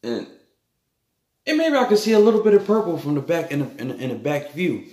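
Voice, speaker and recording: A man's voice: on the high side, big pitch swings, a little fast, warm tone. Rambling man recounting a dream, echoey room. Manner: rambling, repetitive, loose filler-heavy storytelling.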